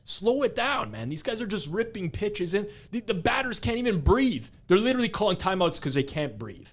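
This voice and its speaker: A young man co-hosting a podcast, talking in a casual, animated, rambling way and filling his speech with "like". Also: sits high, fairly quick. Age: young adult. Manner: animated, rambling, heavy use of "like". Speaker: podcast co-host. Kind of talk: casual chat.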